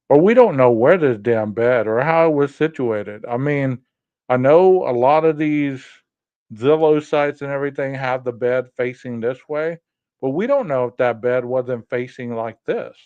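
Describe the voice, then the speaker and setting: A man hosting a live podcast stream, thinking aloud slowly and reading viewer comments. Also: mid-range voice, a little mellow, clear, resonant tone, dry recording, highs cut off. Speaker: podcast host. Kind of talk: live-stream chat over a floor plan.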